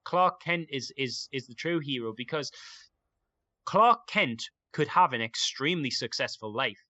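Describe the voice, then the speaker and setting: A man's voice: medium pitch, lively intonation, measured pace, bright, forceful tone, dry recording. A young man chatting casually and enthusiastically, rambling with lots of fillers. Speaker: podcast guest. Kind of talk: casual chat.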